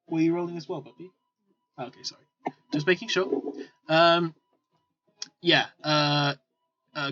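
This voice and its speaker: A man's voice: on the high side, pushed and bright. Man running a tabletop game. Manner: rambling, with many fillers and restarts. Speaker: game master. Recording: lo-fi with faint music.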